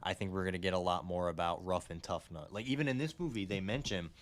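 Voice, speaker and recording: This is a young man co-hosting a podcast, rambling along in casual chat. His voice sits a little low. He sounds enthusiastic and curses offhandedly. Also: quick pace, slight background noise. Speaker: podcast co-host.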